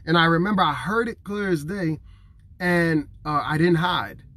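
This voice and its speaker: A man's voice: on the high side, normal speed, pushed and bright, dry recording. A man in his thirties preaching to camera in an earnest, conversational way, emotional and near tears. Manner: earnest and conversational, acting out what others say; emotional, fighting back tears.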